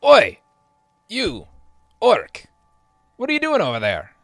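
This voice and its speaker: A man voicing a blunt, suspicious male caravan leader in a tabletop game, who yells and questions sharply. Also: a little high, very animated, normal speed, no room sound, studio quality, soft background music, voice pushed up. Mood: yelling.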